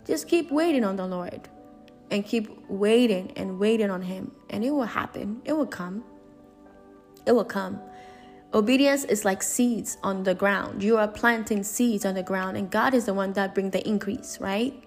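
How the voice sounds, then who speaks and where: A woman's voice: medium pitch, moderate pace, soft background music. A woman preaching a sermon in an earnest, emphatic way, repeating and restarting her phrases.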